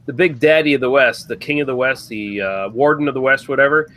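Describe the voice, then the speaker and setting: A man's voice: mid-range voice, fairly quick, pushed and bright. A man joking and swearing on a casual group video chat, often restarting his sentences.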